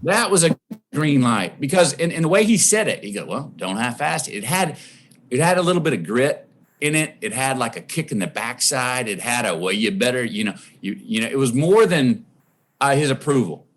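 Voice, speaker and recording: Animated Texan man telling stories. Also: medium pitch, normal speed. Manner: animated storyteller, acts out quoted voices. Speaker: guest. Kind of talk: storytelling in a podcast interview.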